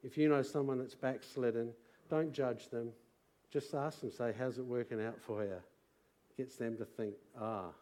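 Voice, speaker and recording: A middle-aged Australian man preaching to a church congregation, moving from quiet personal testimony to loud rallying calls. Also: mid-range voice, steady tone, moderate pace. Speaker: pastor. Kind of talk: sermon testimony. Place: church service.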